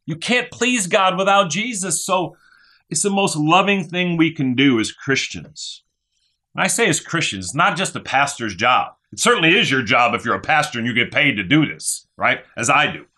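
A man's voice: a little high, lively intonation, moderate pace, bright, forceful tone. A man preaching a sermon as a pastor, fervent and repetitive, often tagging his points with "right?" and "okay?". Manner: fervent preaching, repeats phrases, asks "right?".

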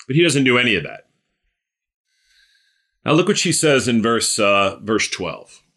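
A male preacher giving a conversational sermon, repeating phrases and filling pauses with "um.". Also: mid-range voice, lively intonation, pushed and bright, slightly rough.

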